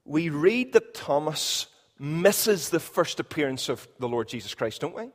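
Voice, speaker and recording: A man preaching a sermon in a church, emphatic, repeating key phrases and swinging between loud and quiet. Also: a little high, sing-song, measured pace, in a large hall. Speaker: pastor.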